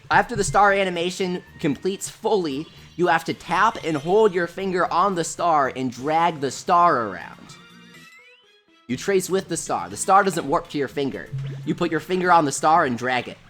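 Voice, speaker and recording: Chatty and casual, a woman from the United States streams games, reading her chat aloud and gushing over pets. Her voice is fairly low in pitch with a bit of brightness.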